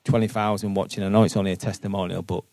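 A man's voice: deep voice, little pitch movement, rapid-fire, a little mellow, no room sound. A man, a football manager answering questions earnestly at a live podcast, often repeating words as he thinks aloud. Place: boardroom with live audience.

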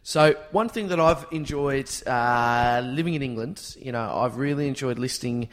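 An Australian man from Tasmania leads a relaxed podcast chat, setting up a game with playful banter. He speaks casually and loosely. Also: mid-range voice, moderate pace. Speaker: podcast host.

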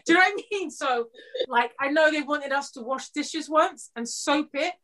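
A woman guest on a talk podcast, speaking candidly about her time as an actress. Her voice sits a little high, and she keeps a loose, chatty flow. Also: moderate pace, a bit bright. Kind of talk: casual podcast chat.

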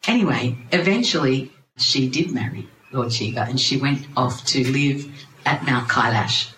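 A storyteller recounting a sacred tale to a gathering with wry, animated asides. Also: medium pitch, a little slow. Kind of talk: lively spiritual storytelling to a group. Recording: roomy, noisy ambience.

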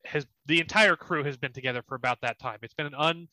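A man running a tabletop game as dungeon master, describing scenes with pauses and fillers. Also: a little high, pushed and bright, dry recording. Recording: slightly muffled dry recording.

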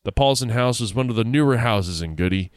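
A man's voice: mid-range voice, animated, fairly quick, dry recording, clean studio sound. A man reading a spooky story aloud in a casual way, with laughing asides.

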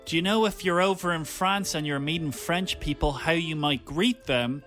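A man with an Irish accent co-hosting a radio show, chatting in lively, teasing banter in the studio. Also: fairly high pitch, moderate pace, faint music behind. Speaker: radio co-host.

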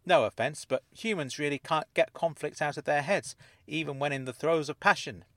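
A man voicing a calm, composed woman who claims she is not human, speaking in a measured, unruffled way in an audiobook story. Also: fairly high pitch, no room sound, clean studio sound, voice pushed up, close to an everyday voice. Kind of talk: audiobook character voice.

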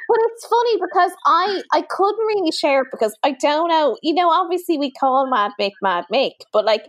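Lively high-voiced Irish woman. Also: moderate pace, no room sound. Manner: animated, storytelling with lots of asides and laughs. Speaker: podcast co-host. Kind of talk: casual chat.

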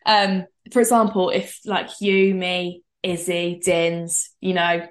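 Excitable young woman podcast co-host. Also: on the low side, slow pace. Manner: excitable and animated, laughs often. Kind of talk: casual podcast chat.

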